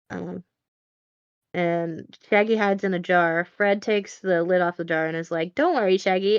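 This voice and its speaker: A woman's voice: on the low side, clear, resonant tone, no room sound, highs cut off. A woman co-hosting a podcast, recapping a film in a casual, rambling way full of fillers and dry asides. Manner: rambling, filler-heavy, wry. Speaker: podcast co-host.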